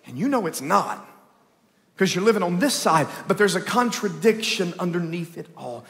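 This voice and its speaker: A man preaching a lively Easter sermon in a church, swinging between loud calls and hushed storytelling. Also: high-pitched, normal speed. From Texas. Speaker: pastor. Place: church sanctuary, live service. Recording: long church hall reverb.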